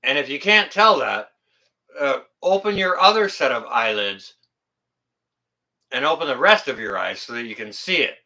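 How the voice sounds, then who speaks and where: A man's voice: mid-range voice, lively intonation, normal speed, pauses often, pushed and bright. A man hosting a casual livestream, chatting with viewers and rambling with lots of fillers and jokes. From Canada. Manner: rambling and joking with frequent fillers. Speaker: livestream host reading chat.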